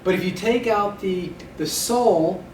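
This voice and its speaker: A high-voiced man speaking a little slowly teaches Hebrew vocabulary in a recorded lecture, repeating words as drills and dropping dry puns along the way. The mic sits at a distance in an echoey room with faint noise behind him.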